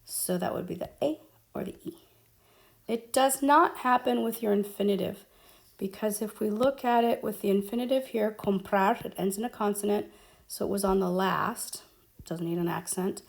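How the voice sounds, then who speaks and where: A woman's voice: medium pitch, vocal fry. A woman teaching Spanish grammar at a whiteboard, explaining step by step with frequent ums. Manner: slow, explaining step by step with fillers.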